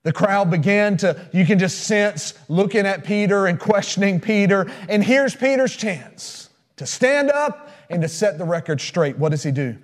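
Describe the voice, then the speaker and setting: A male pastor delivers a sermon in a notably high voice. He tells stories emphatically and keeps putting questions to his listeners. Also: animated, moderate pace, hardly any pauses. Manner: storytelling, emphatic, asks the congregation questions.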